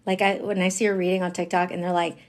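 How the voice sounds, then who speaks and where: Swearing freely and peppering her talk with fillers, a tarot reader chats candidly through a casual live-stream reading at a fast clip. Her delivery is animated, swinging in pitch and loudness between loud outbursts and near whispers.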